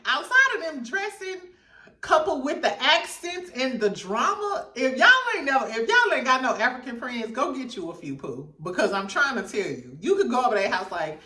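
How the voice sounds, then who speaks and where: A bright, high-pitched woman gives casual reality TV commentary with lots of laughter and swearing. She sits back from the mic in an echoey room. Her talk is animated and loose. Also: moderate pace, distant mic. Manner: animated, profane, laughs often. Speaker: show host.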